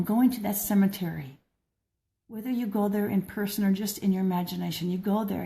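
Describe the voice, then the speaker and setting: Mellow-voiced older woman reflecting gently. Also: fairly low pitch. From American Midwest. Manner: gentle, earnest, with frequent restarts. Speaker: blogger and speaker. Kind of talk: personal reflective talk.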